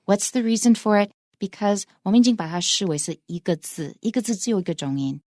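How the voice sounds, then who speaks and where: A woman's voice: mid-range voice, animated, fast, a little mellow, no echo, studio quality. Woman teaching english, bilingual co-host. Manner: explanatory, mixes English with Mandarin. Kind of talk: bilingual radio English lesson.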